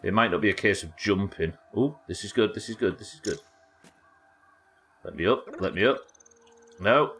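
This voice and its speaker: A man's voice: on the low side, moderate pace, long pauses, a bit bright, husky. A young man with a Yorkshire accent chatting and swearing casually as he plays a game on a live stream and talks to his chat. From Yorkshire, England. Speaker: livestreamer. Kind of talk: casual gameplay commentary.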